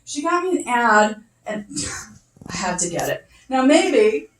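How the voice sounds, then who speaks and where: A middle-aged woman with a high voice working through a chatty stand-up set. She pokes fun at herself and swears casually. The sound is echoey, with her voice a little off from the mic. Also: very animated, slow pace, far from the mic, slight background noise. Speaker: first-time stand-up comic. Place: comedy club stage.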